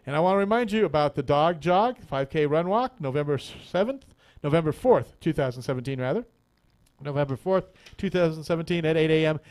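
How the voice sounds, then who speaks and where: Male radio host, slightly high voice, talkative and loose, studio mic. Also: lively intonation, a little fast, a little mellow, smooth. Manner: chatty and rambling, laughs often, repeats words. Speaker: radio talk show host. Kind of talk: casual on-air chat, telling a joke.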